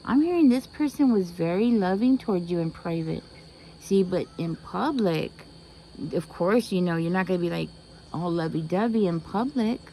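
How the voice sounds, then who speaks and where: A woman delivers a tarot reading in a mellow, warm voice. She talks emphatically, repeats phrases and keeps asking rhetorical questions. Faint crickets chirp in the background. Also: lowish voice, moderate pace, a little hiss or hum, low-quality recording. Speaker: tarot reader.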